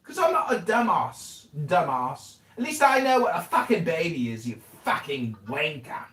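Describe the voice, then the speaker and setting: A man's voice: on the high side, very animated, normal speed, a bit bright. A man in heated livestream banter, mocking and insulting with British slang. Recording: echoey room.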